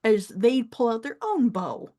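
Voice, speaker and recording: A woman's voice: on the high side, big pitch swings, a little slow, warm tone. A woman running a tabletop role-playing game, narrating the scene in a chatty way and laughing often. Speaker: game master.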